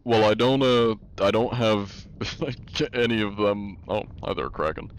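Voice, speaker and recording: A young adult man livestreaming, chatting casually with his viewers in a relaxed, rambling way with many fillers. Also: lowish voice, unhurried, clean tone. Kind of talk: casual chat with stream viewers.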